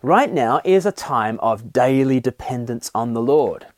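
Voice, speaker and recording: Lively, earnest male Bible teacher. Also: mid-range voice, a little slow, no room sound, studio quality. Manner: earnest, animated preaching that acts out grumbling voices. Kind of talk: short daily Bible devotional.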